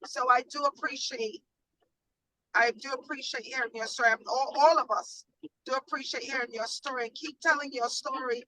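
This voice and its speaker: A woman's voice: high-pitched, fairly even intonation, normal speed, bright, forceful tone, dry recording, far from the mic, low-quality recording. A woman on a podcast video call giving earnest, faith-based encouragement to a guest. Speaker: panel member. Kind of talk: supportive remarks on a video call.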